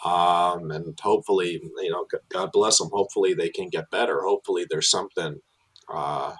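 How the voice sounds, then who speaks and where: A man, working as a tour guide, telling animated stories in casual chat with many fillers and restarts. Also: fairly quick, slightly rough, low-quality recording. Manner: animated storyteller, many fillers and restarts, drops low for asides.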